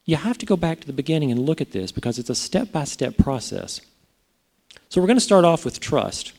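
A man's voice: fairly high pitch, very animated, a little fast, vocal fry, darkish tone. A man preaching a sermon in a conversational way, often putting rhetorical questions to his listeners. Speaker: pastor.

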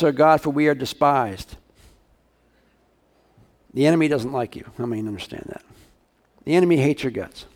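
A man's voice: medium pitch, creaky, a little mellow. A male pastor preaching a sermon, talking casually and asking his congregation questions.

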